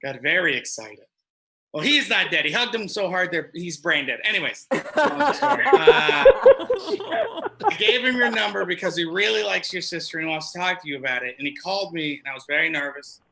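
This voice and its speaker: Performing stand-up on a club stage, a man tells loose, profane tales and acts out the people involved. His high, gravelly voice is expressive and brisk, heard over a noisy crowd on a low-quality recording.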